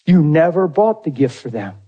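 Emotional male preacher with a husky, slightly high voice. Storytelling sermon. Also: big pitch swings, normal speed, lo-fi sound. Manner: emotional storytelling preacher, unrehearsed, talks to the congregation. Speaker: pastor.

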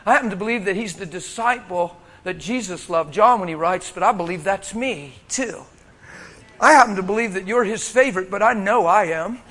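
A man preaching a sermon, telling a story with animated bursts of shouting and laughter. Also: sits high, normal speed.

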